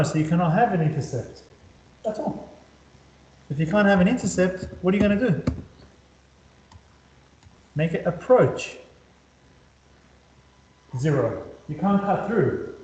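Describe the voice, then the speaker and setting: A man's voice: a little high, dark tone. Male maths tutor, casual and repetitive, slightly dull lo-fi recording. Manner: chatty, repetitive, talks students through steps. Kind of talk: casual whiteboard lesson. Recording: roomy echo, slightly dull lo-fi sound.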